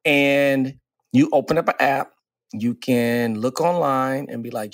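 A man in his forties talks earnestly on a podcast, a coach musing on relationships. He lingers on key phrases in an even, middle-pitched voice. The sound is close and dry. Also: dry recording. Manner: earnest, reflective, drawls key phrases slowly. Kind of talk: casual podcast conversation.

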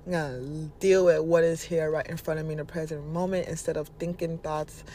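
A man's voice: a little high, steady tone, fairly quick, dark tone, slight background noise. A man hosting a podcast, giving a blunt, casual spiritual motivational monologue and swearing freely. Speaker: podcast host.

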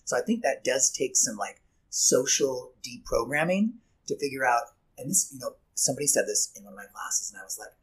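A man who teaches classes, talking in a casual podcast conversation and acting out quoted speech with lively swings in his voice. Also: mid-range voice, fairly quick, few pauses, poor audio. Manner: animated, acts out quoted speech.

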